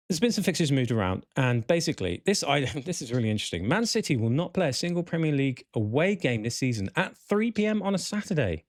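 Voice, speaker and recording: Man, podcast host, casual rambling chat, gravelly voice, dry sound. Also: medium pitch, no room sound. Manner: chatty, rambling, self-correcting, reads out viewer comments.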